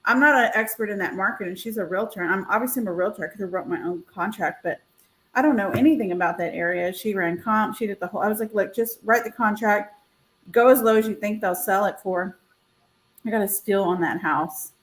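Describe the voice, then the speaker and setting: This woman speaks a little fast at a medium pitch, and the recording quality is low. As a realtor co-hosting a live stream over video call, she tells a story casually and animatedly, performing each quoted voice.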